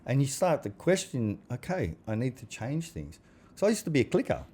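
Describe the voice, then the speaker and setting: A man's voice: mid-range voice, sing-song, fairly quick, darkish tone, breathy edge. A man, a podcast guest talking casually and bluntly, swearing and acting out the conversations he recounts. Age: 40s. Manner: blunt, swears, acts out quoted exchanges. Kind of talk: casual chat.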